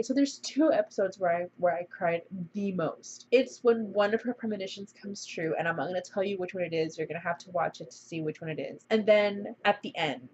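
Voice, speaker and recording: A young woman chats through a casual video review of a drama. She gushes and gets emotional, and her voice sits in a middling pitch. The recording sounds a little dull and lo-fi. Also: a little mellow, slight background noise. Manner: gushing, emotional, chatty.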